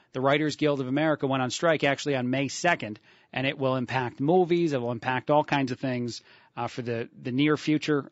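A man's voice: medium pitch, no room sound, highs cut off. A man from the East Coast hosting a radio talk show, chatting casually and rambling with many fillers.

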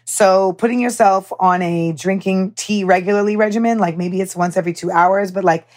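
A young woman hosts her podcast in casual chat. She talks candidly and with animation, full of fillers and the odd curse. Her voice sits at an ordinary middle pitch. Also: moderate pace. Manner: candid, animated storytelling with profanity and many fillers. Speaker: podcast host.

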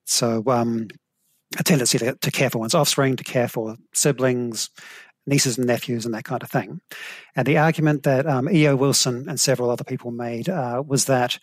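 A middle-aged man with a New Zealand accent answers interview questions in a thoughtful, hedging way. His voice sits at an ordinary pitch. The sound is dry and close, with no room around it. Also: steady tone, normal speed, no echo. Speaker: guest, evolutionary psychology professor. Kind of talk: explanatory interview talk.

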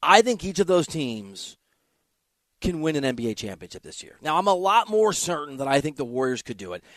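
A man's voice: fairly high pitch, big pitch swings, brisk, a bit bright, no room sound. A man hosting a sports talk show, giving an emphatic, opinionated monologue with offhand asides.

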